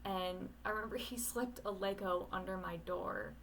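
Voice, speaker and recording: A woman's voice: mid-range voice, normal speed, creaky, a bit bright, slight background noise, rough recording. A young woman in casual talk to camera, rambling and candid, swearing casually, talking at home at night.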